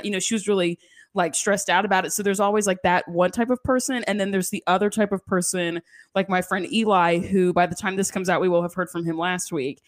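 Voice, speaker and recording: A woman's voice: fairly low pitch, fairly even intonation, brisk. A woman hosting a podcast in casual chat, laughing often and filling her talk with "like". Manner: chatty, laughs often, says "like" a lot. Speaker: podcast host.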